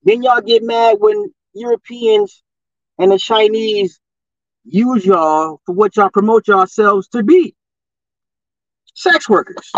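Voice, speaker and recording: A man on his podcast rants through social commentary, stacking one rhetorical question on another and jumping up in pitch when he gets heated. His voice sits fairly high for a man. It is recorded dry and sounds dull and lo-fi. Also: sing-song, slow pace, no echo. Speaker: podcast host.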